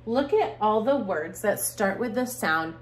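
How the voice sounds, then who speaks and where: A woman teaching preschoolers in a video lesson, slow and sing-song, climbing high on rhymes and praise. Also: lively intonation. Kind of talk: video lesson for young children. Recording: echoey room, faint hum.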